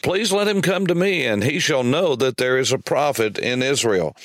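A male preacher voicing a calm ancient prophet who speaks reassuringly. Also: medium pitch, normal speed, no echo, studio quality, close to an everyday voice.

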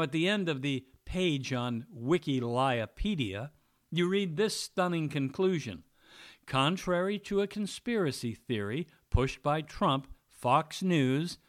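A man giving a mocking, sarcastic opinion monologue as a political commentator. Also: on the high side.

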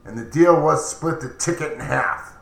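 Tough male henchmen, gruff, blunt, echoey room, as a man puts them on. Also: fairly high pitch, moderate pace. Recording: roomy echoey recording.

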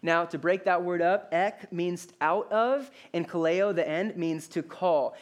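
A man, a pastor, preaching a sermon with emphatic repetition and calls for the congregation's response. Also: a little high. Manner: emphatic, repeats key phrases, asks the congregation for responses.

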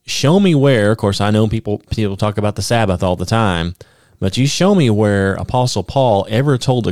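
A man teaching the Bible on a podcast, explaining step by step with many "okay?" checks and reading scripture aloud slowly with emphasis. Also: fairly low pitch, darkish tone, no echo, studio quality. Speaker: podcast preacher.

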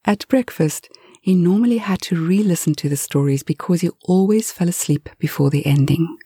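A woman narrating a bedtime story for adults in a soft, half-whispered delivery. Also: lowish voice, moderate pace, breathy edge.

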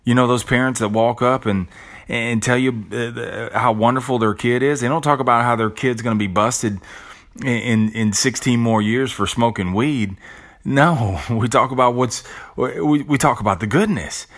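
A man's voice: mid-range voice, normal speed, fairly bright tone. A middle-aged man hosting a podcast, giving a casual motivational monologue, talking conversationally with frequent restarts and blunt, earthy asides. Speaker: podcast host.

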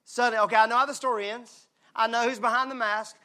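A male pastor preaching a sermon. He swings from hushed, intimate lines to loud, shouted emphasis. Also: very high-pitched, steady tone, fast talker.

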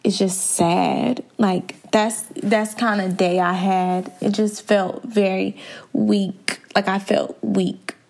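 A woman's voice: medium pitch, level tone, slow pace, vocal fry, a little mellow. A young woman hosting a podcast, candidly telling a personal story in a conversational way and talking straight to her listeners. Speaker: podcast host.

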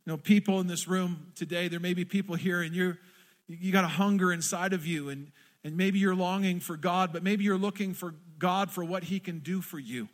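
A man's voice: high voice, moderate pace, fairly bright tone. A man preaching a sermon to a congregation, passionately acting out quoted prayers. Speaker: pastor. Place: church in front of a congregation.

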